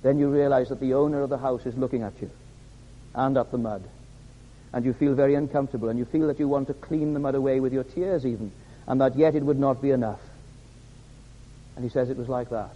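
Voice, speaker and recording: A man's voice: medium pitch, fairly even intonation, fast talker. A man preaching a sermon in a church, stressing points by repeating his words. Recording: reverberant hall, dull lo-fi sound.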